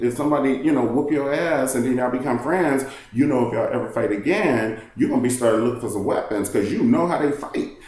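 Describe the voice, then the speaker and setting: A man hosting a casual recap, retelling scenes in an animated, sassy way and mimicking the people he talks about. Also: fairly low pitch, very echoey, slight background noise. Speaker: reality TV recap host.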